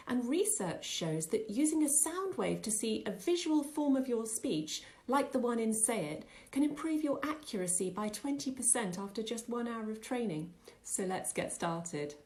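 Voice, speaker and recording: Middle-aged woman explaining clearly. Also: fairly high pitch, animated, a little mellow. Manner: clear, measured, patient explaining. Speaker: English teacher. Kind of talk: scripted instructional voice-over.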